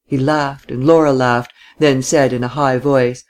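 A narrator reads a classic novel aloud at an even, measured pace. The voice sits at a middle pitch.

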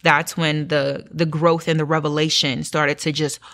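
A woman's voice: deep voice, flat delivery, normal speed, a bit bright. A young woman giving an earnest, emotional personal testimony as an interview guest, acting out her own inner dialogue.

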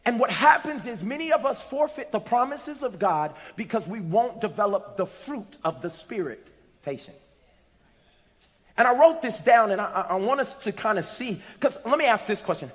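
High-voiced male preacher in a big hall. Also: moderate pace. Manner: lively preaching with humor, building to shouts. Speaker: pastor. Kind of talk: sermon. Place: church sanctuary with congregation. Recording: long reverb of a large hall.

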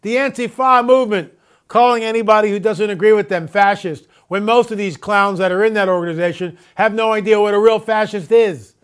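Emphatic high-pitched man, lively commentary. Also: clean tone. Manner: repeats catchphrases, rhetorical questions, drawn-out stresses. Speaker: host of own video report.

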